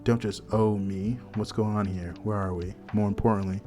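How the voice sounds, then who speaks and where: A man's voice: on the low side, fairly even intonation, moderate pace, mellow, soft background music, close to an everyday voice. A man voicing a dazed young man who eagerly urges his friend to drink. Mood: coaxing. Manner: eager, coaxing.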